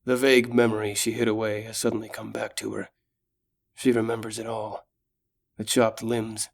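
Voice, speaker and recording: A man reading a fantasy audiobook in steady, dramatic narration. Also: fairly low pitch, moderate pace, creaky.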